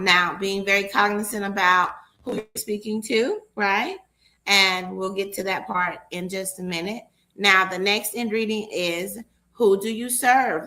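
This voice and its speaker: A woman coaching live, speaking in a slow, emphatic and encouraging way. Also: mid-range voice, sharp tone.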